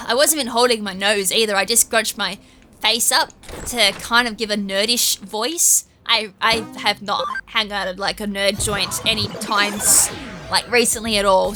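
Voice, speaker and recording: A woman's voice: medium pitch, pushed and bright. A young Australian woman giving rambling, self-deprecating let's-play commentary as a gaming YouTuber.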